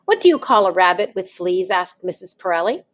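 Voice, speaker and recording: A woman's voice: on the low side, sing-song, a little fast. A woman teaching, talking patiently and spelling things out step by step. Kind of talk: slow, deliberate classroom explanation.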